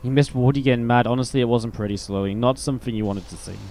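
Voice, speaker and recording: Casual English esports caster. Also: male voice, medium pitch, fast, a little mellow, slight background noise. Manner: chatty, casual asides between play calls. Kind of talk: live play-by-play game commentary.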